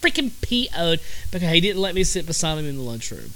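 A man's voice: fairly high pitch, sing-song, fast talker, a bit bright. A man voicing a petty, grudge-holding schoolboy who sounds whiny and aggrieved. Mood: sulky.

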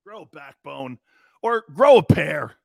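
A man's voice: fairly high pitch, sing-song, a little slow, vocal fry, darkish tone, dry recording, studio quality. A man hosting a sports talk show, delivering a brash, mocking monologue. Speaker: sports radio host.

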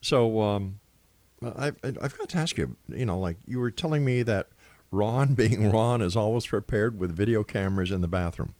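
Man, radio host, lowish voice, faint noise behind. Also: moderate pace, a little mellow. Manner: brief reactions and interjections. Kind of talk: interview.

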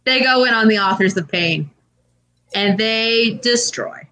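A woman co-hosting a casual podcast, telling an animated story peppered with swearing and filler words. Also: on the high side, measured pace, rough recording. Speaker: podcast co-host. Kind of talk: casual chat.

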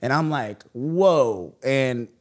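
A man in his thirties from the Bay Area, telling stories from his past as a guest in a podcast interview, animated and full of slang. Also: lowish voice, normal speed. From Bay Area, California. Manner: animated storytelling with slang and laughs. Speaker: guest, business owner and former police officer.

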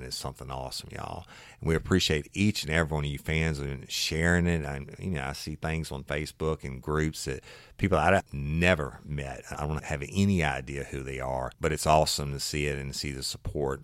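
A man's voice: extremely low pitch, no room sound. A man, a former detective hosting a podcast who tells a true-crime story in a folksy, rambling, enthusiastic way.

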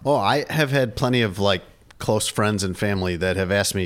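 A man's voice: lowish voice, moderate pace, a bit bright. A man co-hosting a casual sports podcast, chatty and rambling, laughing often between asides. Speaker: podcast co-host.

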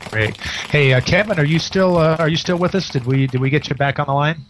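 A man's voice: a little high, brisk, a bit bright, slight background noise. A middle-aged man hosting a casual talk radio show, speaking hesitantly with many fillers and restarts. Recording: slightly dull, lo-fi radio audio.

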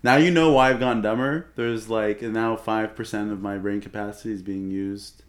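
A man's voice: lowish voice, steady tone, moderate pace. A young man co-hosting a casual podcast, joking around and slipping into silly accent impressions. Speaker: podcast co-host.

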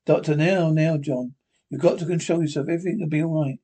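A man playing a calm, steady family doctor who soothes and reassures in a 1930s radio drama. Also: on the high side, fast, husky. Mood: soothing.

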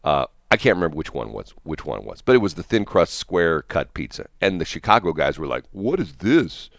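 A man's voice: a bass voice, sing-song, fast, creaky, fairly bright tone, no echo, studio quality. A man hosting a casual morning radio chat, rambling and chuckling, restarting his sentences often. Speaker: radio host.

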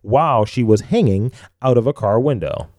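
A man's voice: medium pitch, expressive, moderate pace, darkish tone. A man co-hosting a crude comedy podcast, laughing and stumbling as he reads news stories aloud. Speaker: podcast co-host. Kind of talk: casual crude comedy chat.

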